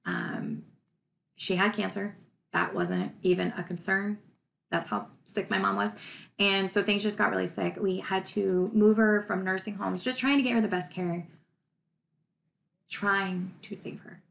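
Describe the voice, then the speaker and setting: Mujer con voz rasposa, charla emotiva. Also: female voice, medium pitch, measured pace, fairly bright tone. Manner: emotional, laughing through grief. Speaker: true crime YouTuber. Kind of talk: personal vlog talk to camera.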